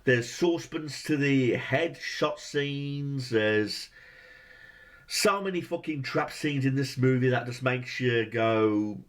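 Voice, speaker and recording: A man's voice: medium pitch, slow. A man ranting through a movie review, exasperated and swearing heavily, firing off rhetorical questions.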